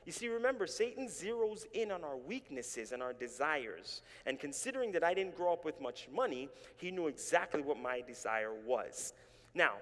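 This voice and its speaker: A Canadian man with a medium-pitched, fairly bright voice preaches a sermon in a church sanctuary. He tells his story with animation and calls on the congregation to respond, and the recording carries the reverb of the church hall.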